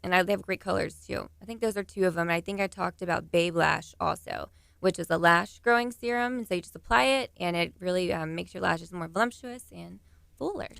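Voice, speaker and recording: A woman's voice: lowish voice, brisk, creaky, fairly bright tone, no echo. A young woman with a Texan accent, a pageant titleholder chatting as a radio guest in an upbeat, giggly way. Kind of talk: casual radio interview.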